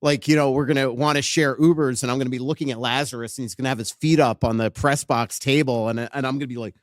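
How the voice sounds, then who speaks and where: Man, podcast host, animated storyteller, mid-pitched voice, dry close sound. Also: quick pace, no room sound. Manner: animated storyteller, acts out quotes. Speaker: podcast host and hockey writer. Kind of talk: casual chat before a live audience. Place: live podcast in front of an audience.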